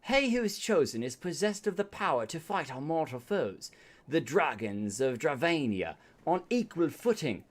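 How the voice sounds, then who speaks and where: A grave older knight, once a dragon warrior and now a mentor, speaks in a solemn, formal way with a put-on English accent, as a man puts him on while reading a game aloud. His voice sits a little higher than the reader's own and moves in lively swoops. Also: normal speed.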